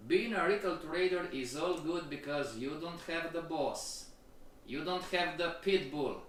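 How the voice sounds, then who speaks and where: A man teaching a trading course on a live-stream lecture, keeps checking in with the audience, slow and repetitive. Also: fairly high pitch, fairly bright tone, slight background noise. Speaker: trading instructor. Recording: very echoey room, voice from far off.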